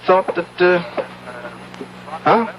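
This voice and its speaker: An actor playing an easygoing police officer in a 1970s radio drama, talking in a folksy, hesitant way full of uhs. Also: male voice, high voice, fairly even intonation, very slow, poor audio. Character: easygoing beat cop, adult man. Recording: old radio broadcast with background crowd noise.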